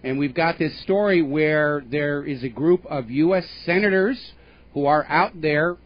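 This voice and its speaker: A male radio talk show host with a fairly high voice and measured pace delivers opinionated political commentary, emphatic and pointed, with scornful asides. The recording sounds like a dull, lo-fi radio broadcast.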